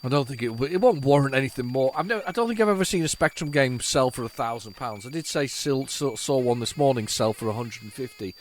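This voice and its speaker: A man's voice: mid-range voice, animated, fast, hardly any pauses, slight background noise. A man hosting a retro computing video, chatting casually and rambling to viewers as he tests old tapes. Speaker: retro computing channel host.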